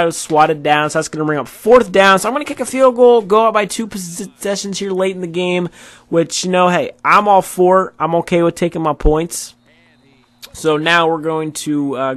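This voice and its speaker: A man's voice: high voice, fairly bright tone, no room sound. A tired man doing casual, rambling commentary over his football video game match, with many fillers. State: tired, yawning. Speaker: gaming YouTuber.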